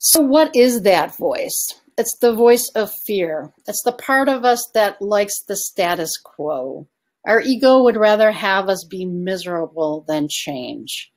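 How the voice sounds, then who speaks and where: A woman's voice: medium pitch, animated, slow, darkish tone. A woman success coach giving an online coaching presentation, asking her audience questions and inviting replies in the chat.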